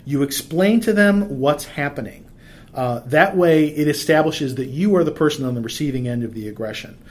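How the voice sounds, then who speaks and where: A man's voice: a little high, normal speed. Man explaining with stories, many fillers. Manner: conversational, frequent fillers and restarts. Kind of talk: casual explanatory talk with anecdotes.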